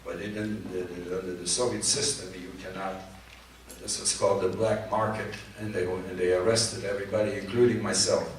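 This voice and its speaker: An older man from Poland giving personal testimony to students, speaking haltingly and repeating words. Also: low voice, level tone. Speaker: Holocaust survivor speaker. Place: large hall at a community event. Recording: echoey hall from far off, faint noise.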